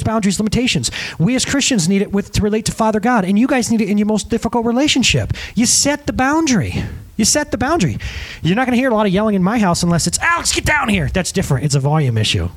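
A man preaching a sermon as pastor and counselor, talking animatedly to the congregation and acting out the conversations he quotes. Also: high voice. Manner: animated, addresses the congregation as "guys".

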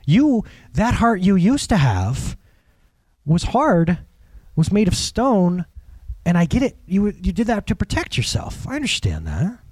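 Animated high-voiced male preacher telling stories. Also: unhurried, dry recording. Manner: animated storyteller, acts out other people, chuckles often. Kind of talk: conversational sermon with personal stories.

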